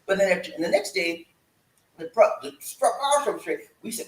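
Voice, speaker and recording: A man giving motivational relationship advice in a vlog, preachy and animated, asking his listeners questions and joking. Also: sits high, a little fast, echoey room, rough recording. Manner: preachy and animated, asks the audience questions and jokes. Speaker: relationship vlogger.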